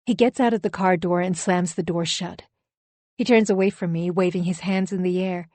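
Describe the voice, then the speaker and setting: A woman's voice: on the low side, steady tone, moderate pace, darkish tone, dry recording. A woman narrating a first-person audiobook thriller with a dramatic, emotionally charged reading.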